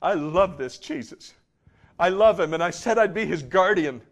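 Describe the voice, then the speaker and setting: A male preacher voicing a disciple who cries out in high, strained anguish over his own failure. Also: lively intonation, moderate pace. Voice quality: high, strained, near shouting.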